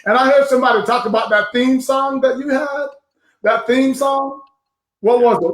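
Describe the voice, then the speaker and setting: Effusive, high-voiced male show host. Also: normal speed, roomy sound. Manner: effusive, emotional, loud exclamations. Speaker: host of a live online show. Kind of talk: emotional live show chat.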